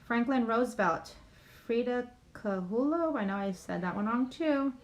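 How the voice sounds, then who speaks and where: A woman's voice: a little high, expressive, a little slow, lo-fi sound. A woman hosting a casual livestream at home. She reads names aloud and keeps apologizing for mispronouncing them. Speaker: YouTube livestream host. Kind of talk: casual livestream chat, reading a list aloud.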